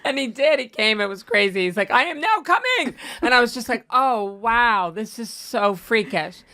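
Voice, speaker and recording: A woman's voice: mid-range voice, normal speed, sharp tone, a little hiss or hum. A woman on a podcast telling a frank dating story in a chatty, self-deprecating way, acting out what people said. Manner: chatty, self-deprecating, laughing, acts out quotes. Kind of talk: casual chat.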